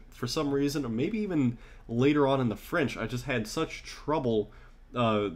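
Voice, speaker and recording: A man giving casual, rambling commentary over his own gameplay, excited and full of fillers. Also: mid-range voice. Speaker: gaming commentator.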